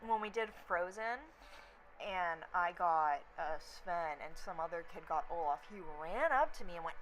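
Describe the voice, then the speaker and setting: A woman's voice: fairly low pitch, normal speed, rough recording. Young woman ranting bluntly. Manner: blunt, profane, animated storytelling. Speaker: vlogger. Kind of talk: casual rant to camera.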